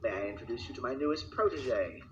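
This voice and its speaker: A man's voice: mid-range voice, animated, quick pace, echoey room, muffled recording, noisy background, voice pushed down, natural voice. A man voicing a pompous, fussy older railway boss in a fan parody dub, with a plummy, theatrical delivery. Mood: smug.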